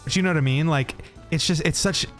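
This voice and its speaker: A man's voice: fairly high pitch, quick pace, faint music behind. A young American man streaming a game, chatting with viewers in a rambling, laughing way and swearing freely. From United States. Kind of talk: casual chat with viewers while gaming.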